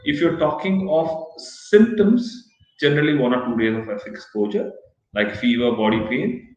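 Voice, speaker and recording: A male pediatrician, explaining vaccines to parents in a halting, explanatory way during an online workshop. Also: mid-range voice, expressive, darkish tone. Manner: explanatory, halting with self-corrections. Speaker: pediatrician answering parents' questions. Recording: echoey, dull lo-fi call audio.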